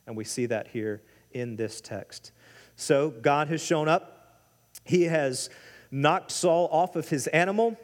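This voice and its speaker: High-voiced man preaching in a reverberant hall. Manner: animated preaching, acting out quotes with big pitch jumps. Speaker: pastor. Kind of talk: sermon.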